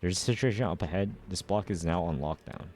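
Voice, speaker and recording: A man reading a gruff, curt male police officer who speaks in short orders. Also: low voice, fast, a little mellow, faint music behind, lightly acted. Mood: brusque. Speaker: reader. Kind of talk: amateur story readthrough.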